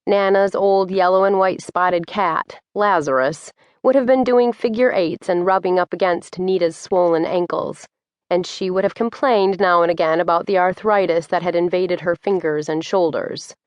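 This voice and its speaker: A woman reading an audiobook in measured, descriptive scripted narration. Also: fairly low pitch, steady tone, clear, resonant tone, no room sound, dull audio.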